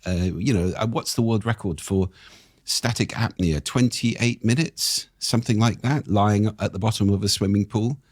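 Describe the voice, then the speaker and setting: An older man with a husky voice, explaining speaking technique in a lively, expressive conversational way. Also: fairly low pitch, normal speed, hardly any pauses, no echo, clean studio sound. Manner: animated, expressive intonation. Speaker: voice coach guest.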